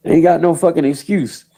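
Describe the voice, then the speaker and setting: A man runs a profane livestream rant, taunting absent people by name and laughing between jabs. His voice sits a touch high and carries a rough, gravelly fry. He is casual and scornful, heavy on cursing. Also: dark tone, low-quality recording. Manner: mocking, cursing, laughs often between lines. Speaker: livestream host.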